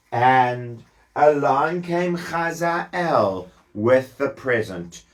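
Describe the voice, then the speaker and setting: Slow, animated man telling children's stories. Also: mid-range voice. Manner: animated, asks the children questions. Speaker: children's storyteller. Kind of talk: Bible storytelling for children.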